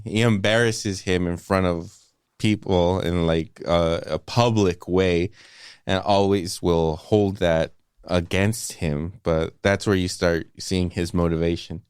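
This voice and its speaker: A man co-hosting a movie podcast, retelling film scenes in a casual, profane, animated way. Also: low-pitched, slow, smooth, no echo, studio quality. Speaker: podcast co-host.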